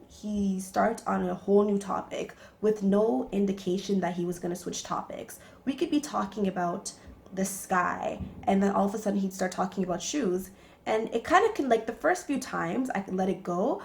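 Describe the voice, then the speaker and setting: Young woman vlogger, casual storytime, gravelly fry on her voice, chatty and animated. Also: mid-range voice. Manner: animated, chatty, many fillers.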